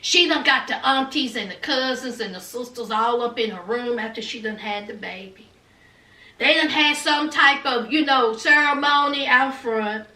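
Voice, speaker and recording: A woman's voice: a little high, normal speed, pushed and bright. A woman recapping a reality TV episode for her viewers, sassy and dramatic, calling them honey and y'all. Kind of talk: casual commentary to viewers. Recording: echoey room, mic at a distance.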